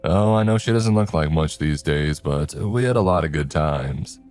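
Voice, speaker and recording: A man voicing a folksy older man in a cowboy hat, a drawling, friendly property owner who talks slowly. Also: a bass voice, expressive, a little mellow, faint music behind. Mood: wistful.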